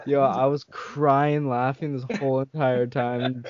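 A man's voice: medium pitch, level tone, measured pace, a little mellow. A young man hosting a podcast, telling a school story in casual chat and laughing often. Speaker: podcast host. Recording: slightly dull dry sound.

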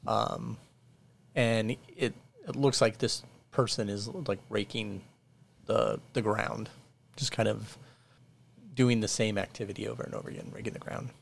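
Slow, gravelly-voiced man running a game. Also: on the low side, steady tone. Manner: halting, many fillers and restarts while describing. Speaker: dungeon master. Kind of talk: narrating a tabletop game.

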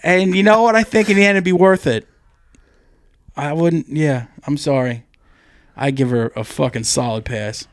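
A man's voice: a little high, normal speed. A man co-hosting a podcast in crude, rambling comedic banter, swearing and laughing often. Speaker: podcast co-host.

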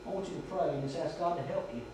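Pastor preaching, kinda high voice, big echo, mic far off. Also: male voice, fast talker, a little hiss or hum. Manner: storytelling, shouting quoted drill commands. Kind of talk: sermon. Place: church sanctuary. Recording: echoey church from far off.

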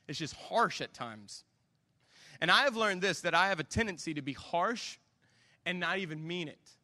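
A man's voice: high-pitched, sharp tone, long reverb tail. Man preaching a sermon. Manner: conversational, self-deprecating storytelling with acted-out dialogue. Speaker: pastor.

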